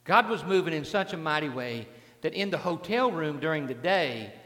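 Fervent preacher in a reverberant hall. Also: male voice, on the high side, expressive, moderate pace. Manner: swings from hushed storytelling to shouted fervor. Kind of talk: revival sermon. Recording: long reverb in a large hall.

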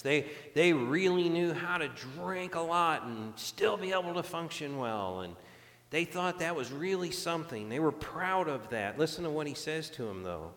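A man's voice: on the high side, a bit bright. Earnest male preacher in a reverberant hall. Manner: earnest, conversational preaching with frequent restarts. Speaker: pastor. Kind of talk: sermon.

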